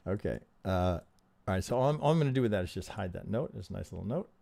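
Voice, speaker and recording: Male trading coach on a stream, low mellow voice, swears freely, dry close sound, keeps checking "right?". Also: expressive, quick pace, creaky, dry recording. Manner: profane, emphatic, acts out trader reactions, keeps asking "right?". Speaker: trading teacher reviewing charts on a live stream. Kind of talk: animated live-stream chart analysis.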